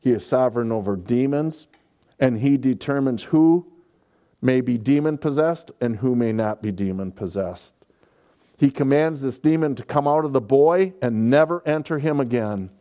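Male pastor mid-sermon: unhurried, mellow, emphatic expository preaching. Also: medium pitch, expressive. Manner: expository preaching, with repeated words and emphatic builds.

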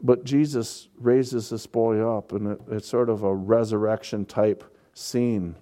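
Slow, mellow-voiced man preaching. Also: lowish voice, steady tone. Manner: expository preaching, with repeated words and emphatic builds. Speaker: pastor. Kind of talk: sermon.

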